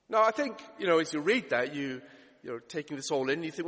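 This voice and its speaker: A man preaches a sermon, working through it with rhetorical questions and stacked, repeated phrases. His voice sits high for a man. A long reverb rings after each phrase. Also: lively intonation, brisk, a bit bright. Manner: expository, rhetorical questions, emphatic repetition.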